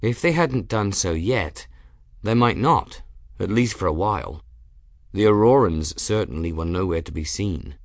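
Low-voiced male audiobook narrator. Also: expressive, unhurried, no room sound, studio quality. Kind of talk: scripted narration.

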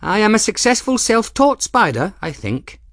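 A bright, earnest young apprentice girl with a dotty, whimsical way of speaking, pitched well up, as a male narrator puts her on. Her voice jumps high and lively, recorded dry and close. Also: moderate pace, no room sound, exaggerated voice.

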